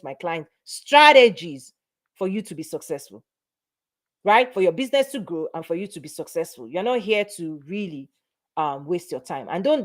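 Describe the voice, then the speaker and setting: A middle-aged woman, a business and mindset coach, giving a motivational talk to camera in an emphatic manner, repeating phrases for emphasis. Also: on the low side.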